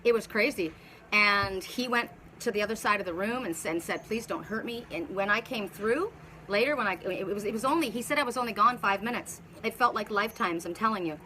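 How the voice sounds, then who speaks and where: Woman, spiritual teacher, casual live talk, rambling restarts, bright tone. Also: medium pitch, brisk, slight background noise. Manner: rambling storytelling with many restarts. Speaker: spiritual teacher and oracle reader.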